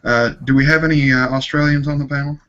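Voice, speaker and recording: A man's voice: medium pitch, steady tone, fast talker, a bit bright, lo-fi sound. A man chatting on a group voice call with a dry, teasing manner. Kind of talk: casual group voice chat.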